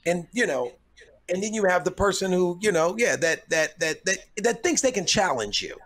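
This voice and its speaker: Telling stories in a casual podcast chat, this middle-aged comedian is thoughtful and repeats words while collecting his thoughts. His voice is high-pitched, expressive and fairly bright, at a normal speed.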